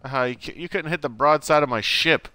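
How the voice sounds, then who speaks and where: A man's voice: a little high, a little fast, bright, forceful tone, smooth. A man streaming live gameplay, talking to himself with frantic exclamations and swearing.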